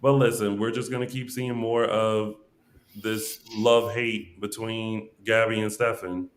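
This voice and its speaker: A man's voice: fairly low pitch, a little slow. Man, young adult, podcast co-host, casual chat, chatty storyteller, restarts. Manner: animated storyteller, rambling with restarts.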